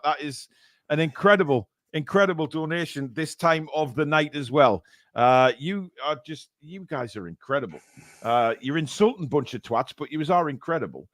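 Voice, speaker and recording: This casual charity live stream is led by a man with a fairly high, somewhat bright voice who reads out donations. He laughs at the cheeky comments and greets super chats with pretend outrage, all with no room sound.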